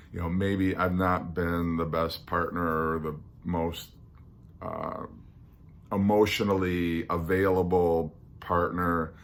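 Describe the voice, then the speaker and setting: A man's voice: deep voice, a bit bright. A man hosting his own podcast, talking through a countdown list in a musing, hesitant, earnest way full of ums and restarts. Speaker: podcast host. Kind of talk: casual solo podcast countdown.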